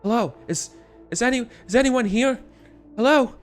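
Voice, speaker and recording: A shrill panicked trapped ghost. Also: male voice, normal speed, soft background music. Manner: shrill, pleading and cursing. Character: panicked male ghost real estate man.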